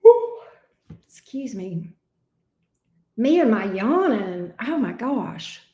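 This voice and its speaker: Woman tarot reader, slow drawling livestream chat, roomy echo. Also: fairly high pitch, very animated, warm tone. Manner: drawling and affectionate, sleepy, calls viewers love bug and honey. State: sleepy.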